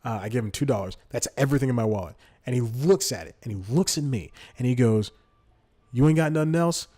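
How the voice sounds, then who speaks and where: Rambling young comedian telling a story. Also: male voice, mid-range voice, lively intonation, fast talker, warm tone, husky. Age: 20s. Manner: rambling, restarts sentences, laughs at himself. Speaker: podcast host.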